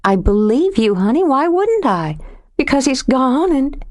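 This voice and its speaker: A woman's voice: high voice, very animated, measured pace, pitched above the performer's own voice. A woman doing a wry, reassuring young woman. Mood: comforting. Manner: reassuring, lightly joking. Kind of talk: audiobook character reading.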